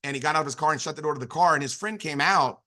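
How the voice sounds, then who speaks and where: Fast, bright-voiced motivational man. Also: fairly high pitch. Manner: animated, with frequent restarts and filler phrases. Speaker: business opportunity speaker. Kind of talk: motivational storytelling talk.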